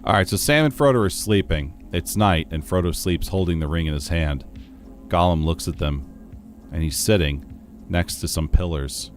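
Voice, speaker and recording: A man's voice: sits low, normal speed, soft background music. A man streaming a game, chatting casually with his chat, laughing easily as he plays.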